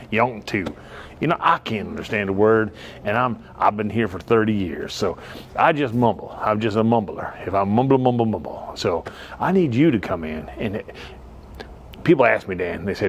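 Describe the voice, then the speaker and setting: A middle-aged man pitches his own car lot in an off-the-cuff, joke-filled ad. He rambles, chases tangents with asides, then steers himself back to the sales pitch. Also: expressive, moderate pace, a little hiss or hum. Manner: rambling, jokey, drifts off topic with asides. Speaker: car dealership owner.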